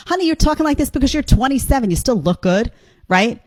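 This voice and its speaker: A woman's voice: sits high, expressive, fast, darkish tone, dry recording. Blunt, sarcastic woman commentator. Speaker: reaction video host. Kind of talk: opinionated commentary on clips.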